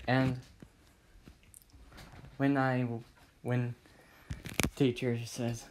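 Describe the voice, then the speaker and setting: An amateur storyteller narrating a fan story, halting with many pauses and restarts. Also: medium pitch, noisy background.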